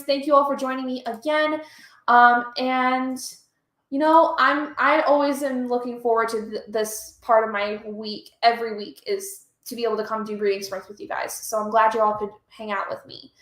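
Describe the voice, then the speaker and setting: Woman, livestream host, casual chat, emotional, higher voice, echoey room. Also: fairly bright tone. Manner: chatty, emotional, reads chat aloud.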